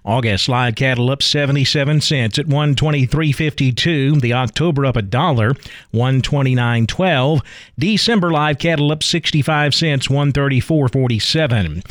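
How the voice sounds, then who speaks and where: A man anchors a radio farm market report, reading figures in a brisk, even rhythm. His voice sits at a middle pitch and sounds close and dry. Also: dry recording. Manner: brisk, steady reading of prices.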